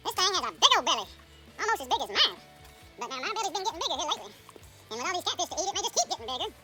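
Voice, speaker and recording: A squeaky, sped-up chipmunk voice chatters in a very high, bouncing register. It rattles along quickly with playful, teasing banter. Music plays behind it. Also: male voice, very animated, bright, forceful tone, full character voice. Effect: sped-up high pitch.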